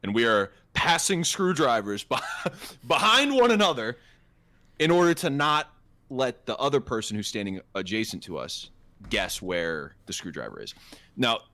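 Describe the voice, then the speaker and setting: A man's voice: mid-range voice, very animated, moderate pace, pushed and bright, no echo. A man in his twenties co-hosting a podcast, telling a casual story in a rambling, profane way with lots of fillers and restarts. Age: 20s. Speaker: podcast co-host.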